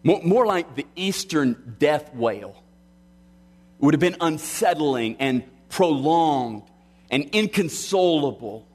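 A middle-aged man preaching a sermon with earnest delivery, slowing down and dropping quiet on key lines. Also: a little high, animated, slightly rough. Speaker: pastor.

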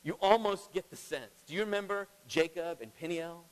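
A middle-aged man preaching a sermon as pastor, emphatic, swinging between loud and hushed. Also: high voice, normal speed. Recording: long reverb of a large hall.

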